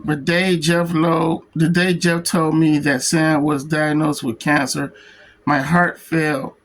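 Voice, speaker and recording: A man's voice: a little high, level tone, poor audio. A man reviewing a comic book who reads its printed text aloud, stumbling and restarting on words. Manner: slow, halting reading that stumbles and restarts on words. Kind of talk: reading a book's text aloud.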